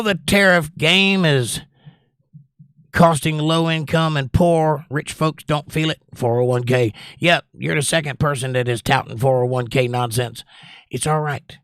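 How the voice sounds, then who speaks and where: A man's voice: medium pitch, a bit bright, no room sound, studio quality. Chatty man hosting a livestream. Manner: chatty, rambling, reads chat aloud. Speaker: livestream host. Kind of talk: casual chat reading viewer comments.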